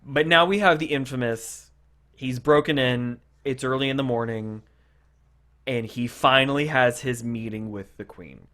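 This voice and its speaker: A man co-hosting a podcast, chatting casually and retelling scenes with lively acted-out quotes. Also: mid-range voice, a little slow. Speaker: podcast co-host. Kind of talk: casual chat.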